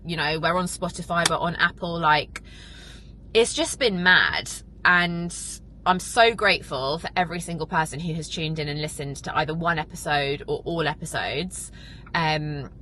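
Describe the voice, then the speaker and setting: A woman's voice: deep voice, pushed and bright, slight background noise, low-quality recording. A young woman talking to camera in a casual vlog, emotional and rambling, with lots of fillers. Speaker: vlogger and podcast host.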